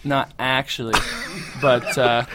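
A man from Canada, a guest musician chatting casually in a radio studio, relaxed and easygoing with lots of fillers. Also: mid-range voice, slow, background noise. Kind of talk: casual interview chat.

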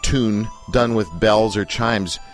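A man hosting a radio talk show, joking with his guest and talking in quick asides. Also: fairly low pitch, faint music behind. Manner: jokey, animated, quick asides.

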